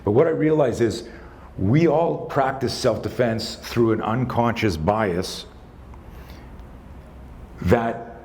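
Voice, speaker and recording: Animated, profane man in his sixties. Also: fairly low pitch, slight background noise. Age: 60s. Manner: animated, profane, conversational storyteller. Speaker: self-defense instructor. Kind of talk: live storytelling talk.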